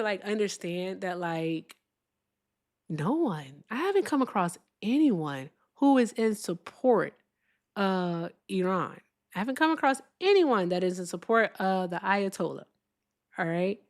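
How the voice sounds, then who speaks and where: A woman hosts a political live stream from a desk mic at home. Her delivery is animated and emphatic, with swearing along the way. She slows right down to hammer each point home. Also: medium pitch. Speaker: livestream political host.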